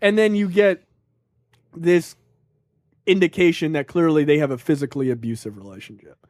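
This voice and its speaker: A man co-hosting a casual movie review podcast, talking in an animated, profane way and acting out characters' lines. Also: a little high, normal speed, dry recording, studio quality. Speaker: podcast co-host.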